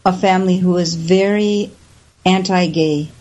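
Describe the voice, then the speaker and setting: A woman guest telling stories in an interview, lively, and she acts out the voices of the people she quotes. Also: on the low side, a little slow. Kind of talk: storytelling in an interview. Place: lives in the Southwest US. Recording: slightly dull lo-fi audio.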